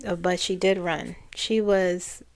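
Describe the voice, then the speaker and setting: Slow-talking woman psychic rambling. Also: on the low side, fairly even intonation. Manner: rambling, trailing off and restarting phrases. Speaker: psychic channeler. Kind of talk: casual spiritual monologue.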